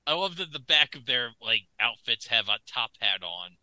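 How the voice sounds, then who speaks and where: A man's voice: medium pitch, sing-song, normal speed, sharp tone, no room sound, rough recording. A man co-hosting a podcast, riffing jokingly in casual comedic commentary on an old TV broadcast. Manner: jokey, puts on silly announcer voices. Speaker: podcast co-host.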